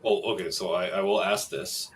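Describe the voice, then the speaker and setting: A man narrating a tabletop game as game master, relaxed and hesitant with many fillers. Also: low voice, moderate pace, a little hiss or hum, rough recording.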